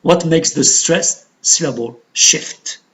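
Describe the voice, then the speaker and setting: A woman with an Algerian accent teaching a recorded English pronunciation lesson, speaking deliberately and repeating words for drilling. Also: sits low.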